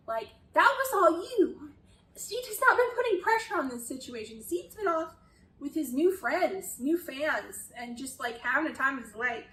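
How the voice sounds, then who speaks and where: A woman's voice: high-pitched, lively intonation, a little slow, a bit bright, roomy sound, far from the mic, a little hiss or hum, rough recording. A woman chatting casually through a critique of a show, exasperated at times and swearing freely. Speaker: video essayist.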